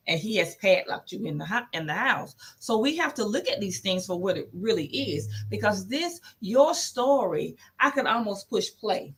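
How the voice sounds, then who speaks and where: A woman's voice: medium pitch, very animated, normal speed, hardly any pauses. A woman hosts a talk podcast in a mid-range voice. She stresses her points firmly and turns to speak straight to her listeners. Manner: emphatic, addresses listeners directly. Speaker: podcast host. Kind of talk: talk show.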